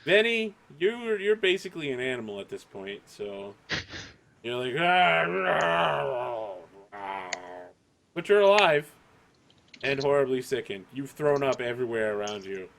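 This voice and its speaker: A man's voice: medium pitch, big pitch swings, moderate pace, slight background noise. A young man as game master, chatting and acting out lines from the table. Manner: chatty, acts out quoted lines.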